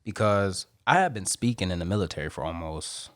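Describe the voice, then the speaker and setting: A man, a Marine, telling stories as a guest on a podcast interview in an animated way. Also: deep voice, no room sound, studio quality. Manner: animated, rapid storytelling.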